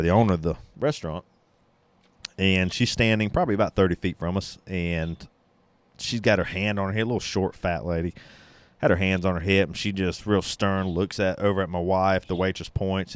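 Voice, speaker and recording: A man with a very deep voice tells a story on his casual podcast. He is blunt, swears freely, and rambles with restarts. The sound is dry and close. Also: clean tone, no room sound. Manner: sips beer while talking. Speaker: podcast host.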